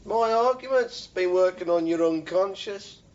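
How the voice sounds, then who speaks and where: A man's voice: high voice, unhurried. A man playing a pompous, wordy know-all builder who lectures his mates. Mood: lecturing. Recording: dull lo-fi TV sound.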